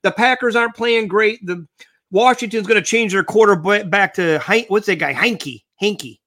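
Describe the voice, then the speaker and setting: A man's voice: sits high, moderate pace, sharp tone. A man co-hosting a casual sports talk show, rambling through lists of teams and trailing off mid-thought.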